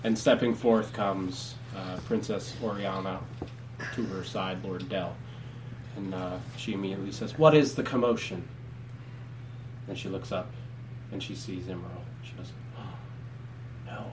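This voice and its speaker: A man's voice: low voice, little pitch movement, moderate pace. A young man running a tabletop game as game master, narrating in an easygoing way. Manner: easygoing, laughs often. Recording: distant mic with faint noise.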